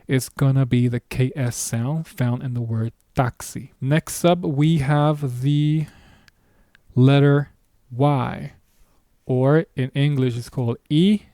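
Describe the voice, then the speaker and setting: In a recorded online lesson, a man teaches beginners a language, explaining patiently and casually with small asides. His mid-range voice has a dark tone, captured in clean studio sound with no echo.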